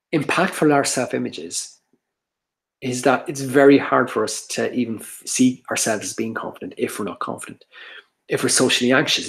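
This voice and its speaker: A man's voice: mid-range voice, gravelly. A man giving an earnest, explanatory workshop talk on social anxiety, often restarting his sentences.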